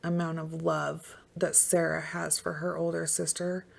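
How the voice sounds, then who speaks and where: A woman's voice: deep voice, level tone, measured pace, creaky. A woman hosting a podcast, talking casually and emphatically, swearing freely and saying "like" a lot. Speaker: podcast host. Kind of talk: casual true-crime chat.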